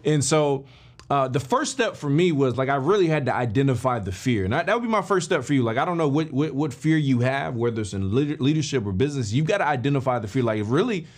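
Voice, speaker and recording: A man hosting a podcast, telling a motivational story in an animated way and talking straight to his listeners. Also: medium pitch, fast talker. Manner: animated, addresses listeners directly and informally; emphatic with frequent restarts and fillers. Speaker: podcast host.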